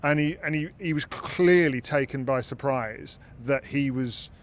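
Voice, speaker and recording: A man's voice: medium pitch, unhurried. A man hosting a podcast, talking things through in a casual, thoughtful way and often restarting his sentences as he searches for words. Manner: thoughtful, repeats words while searching for phrasing. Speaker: podcast host. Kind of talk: casual discussion.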